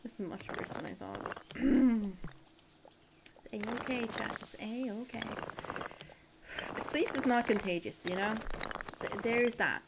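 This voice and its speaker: Tired, slow-talking woman streamer. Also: on the high side, gravelly, background noise. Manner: sleepy, rambling, self-mocking. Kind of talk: casual live-stream chat while building.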